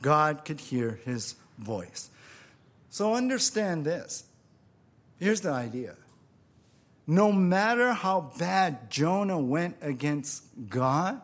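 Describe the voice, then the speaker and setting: A man's voice: on the high side, very animated, slow pace. A male pastor preaching a sermon, emphatic, often repeating phrases and asking the congregation rhetorical questions.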